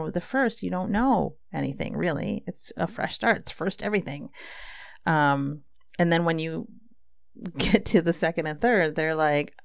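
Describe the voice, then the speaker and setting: Low, gravelly-voiced woman podcast host. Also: normal speed, no echo, clean studio sound. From Filipino heritage. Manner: earnest and reflective, with frequent fillers. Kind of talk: reflective casual talk and poetry reading.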